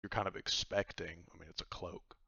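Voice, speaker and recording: A very low, gravelly man narrating a tabletop game as game master. He rambles and fills his speech with uhs and likes. The recording is dry and dull, like a lo-fi mic. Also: level tone, brisk, bright, forceful tone, dry recording. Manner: rambling, filler-heavy narration.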